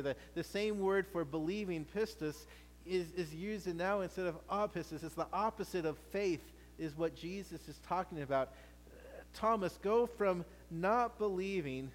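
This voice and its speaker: A man preaching a sermon as pastor, animated and playful, often restarting his words. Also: high voice, unhurried, long reverb tail, a little hiss or hum.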